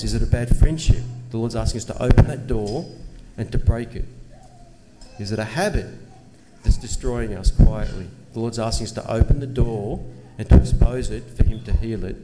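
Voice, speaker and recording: A man preaching a sermon in an earnest manner, asking rhetorical questions and pressing his points with emphasis. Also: lowish voice. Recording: long reverb, faint ambient noise.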